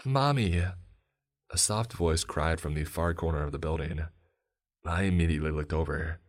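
A man narrating a first-person story in a steady, measured reading. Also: very deep voice.

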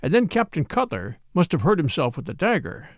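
A man reading the lines of a small, mild priest detective who speaks quietly, calmly and precisely. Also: a little high, a little fast, no echo, studio quality. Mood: calm, grave. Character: little mild-mannered male priest detective.

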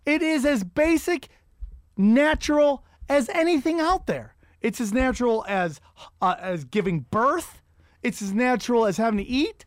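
A man's voice: extremely high pitch, animated, moderate pace, no room sound, studio quality. A man telling rambling, profane stand-up stories on a podcast, with frequent restarts. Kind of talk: casual profane storytelling.

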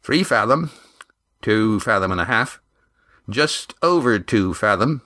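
A man's voice: on the low side, lively intonation, a little slow, sharp tone, dry recording, clean studio sound. A man voicing a crewman who calls out water depths in a storybook reading. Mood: calling out.

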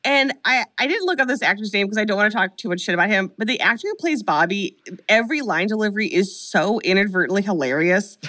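Woman in her 30s doing a chatty movie recap podcast, dry close mic, middle pitch, lots of mock voices. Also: fast talker, few pauses, dry recording. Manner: animated storyteller, mimics lines in mock voices. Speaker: podcast co-host recapping a film. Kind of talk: casual comedic chat.

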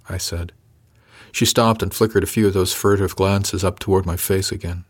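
A man reading a first-person story aloud, calm and measured with a gentle touch. His voice sits on the low side. The telling is even and unhurried. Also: breathy edge. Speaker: audiobook narrator. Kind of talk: first-person audiobook narration.

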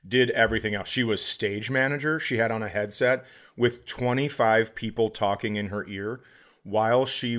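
In casual podcast talk, this comedian co-host tells a story full of restarts and sudden excited outbursts. He has a male voice on the lower side.

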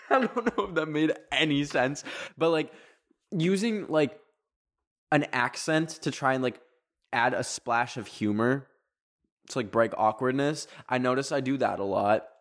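A young man from Canada hosting a podcast, talking casually in a rambling, animated way, full of fillers. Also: medium pitch, unhurried. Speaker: podcast host.

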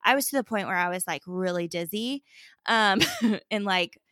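A woman's voice: mid-range voice, normal speed, no echo, clean studio sound. Chatty woman telling a story. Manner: animated storyteller, heavy use of "like". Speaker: podcast co-host telling a story. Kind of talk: casual chat among sisters.

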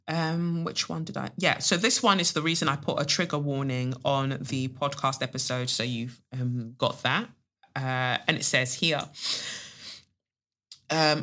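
A woman's voice: low voice, a little slow, a bit bright. A woman hosting her own podcast, talking bluntly with emphatic rises and frequent swearing. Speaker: podcast host. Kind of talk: solo podcast commentary.

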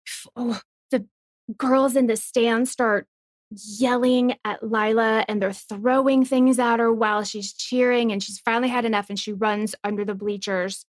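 Bright-voiced woman podcast co-host. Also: a little high, fairly even intonation, normal speed, dry recording. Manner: chatty, enthusiastic, teasing. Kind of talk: casual rewatch podcast chat.

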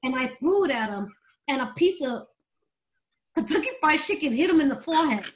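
High-voiced woman telling candid stories. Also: fairly quick. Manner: animated, laughs between stories. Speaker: guest. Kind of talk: candid storytelling interview.

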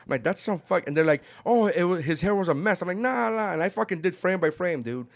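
A man in casual podcast chat, swearing a lot and acting out quotes with big shifts in loudness. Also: high voice, fast talker. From South Florida. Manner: animated, profane, acts out quotes.

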